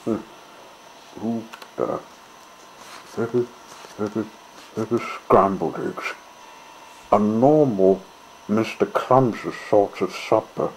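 A male storyteller reads a children's tale aloud at a slow, gentle pace. His voice sits somewhat low. A faint ambient hiss runs under the reading. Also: low-quality recording.

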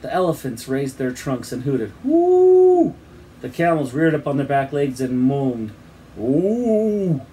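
A man's voice: medium pitch, normal speed, hardly any pauses, darkish tone, a little hiss or hum. A man teaching, reading a children's book aloud expressively and acting out the sound effects, then giving his class an assignment.

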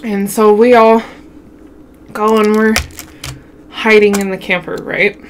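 A woman's voice: mid-range voice, level tone, takes it slowly, slight background noise. A young woman from Wyoming telling a childhood story to her viewers in a chatty way, calling them y'all and laughing often. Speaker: mukbang vlogger.

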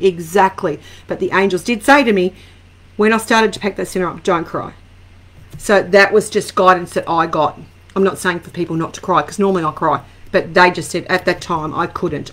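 A woman's voice: lowish voice, fairly bright tone. A middle-aged Australian woman doing a casual live-stream angel card reading, greeting viewers by name and drifting into rambling personal asides.

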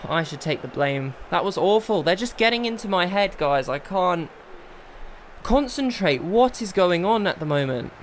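A young man commentating his own football video game, bursting into exasperated shouts and then settling into calm planning. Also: high voice, moderate pace, slight background noise. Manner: excitable, swings between exasperated outbursts and calm planning. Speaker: gaming video creator. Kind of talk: live gameplay commentary.

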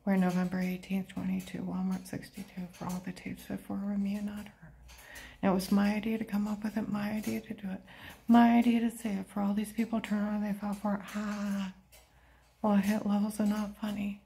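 A woman's voice: medium pitch, little pitch movement, moderate pace, vocal fry, dark tone. Woman in an urgent monologue, dropping to whispers. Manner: drops often into an unvoiced whisper. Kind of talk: rambling spoken monologue.

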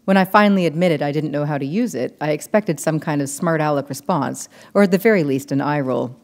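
A woman novelist reading her book aloud in measured, steady narration. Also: low-pitched, long reverb tail.

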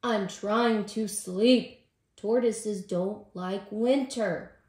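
A woman voicing a grumpy, sleepy male tortoise in a storybook reading, grumbling slowly and low. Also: big pitch swings, a little mellow, exaggerated voice. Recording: roomy echo.

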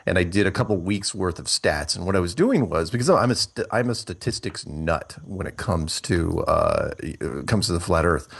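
A man's voice: sits low, animated, moderate pace, vocal fry, hardly any pauses, slightly rough. A man talking as an interview guest, explaining at length with many fillers and restarts. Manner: rambling, thinks aloud with many fillers and restarts. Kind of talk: casual interview talk.

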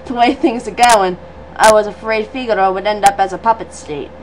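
A woman voicing an earnest young male martial-arts monk in a lowered, solemn tone while reading game dialogue aloud. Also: normal speed, slight background noise, lightly acted.

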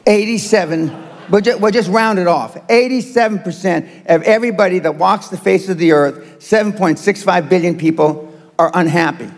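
A man's voice: sits high, normal speed, big-room sound. A man in his seventies giving a blunt, provocative motivational speech to a live audience, with many hesitant fillers. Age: 70s. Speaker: motivational speaker.

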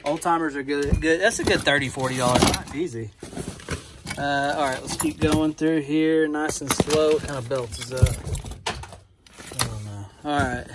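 A man chatting casually as he digs through boxes of finds, rambling and easily excited, recorded on a phone. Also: a little high. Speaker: vlogger digging through resale finds. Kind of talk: casual running commentary. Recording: phone recording with loud clicking and handling noise.

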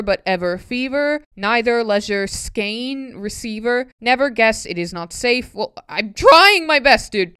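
A woman's voice: mid-range voice, fairly bright tone, clear, resonant tone, no room sound, clean studio sound. A woman reading a tricky pronunciation poem aloud, word by word, stumbling and correcting herself with wry asides. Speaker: YouTuber.

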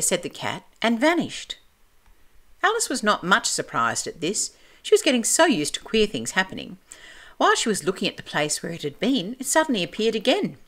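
Woman reading a storybook aloud, expressive. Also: medium pitch. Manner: clear, measured, expressive reading. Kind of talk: reading a classic children's book aloud.

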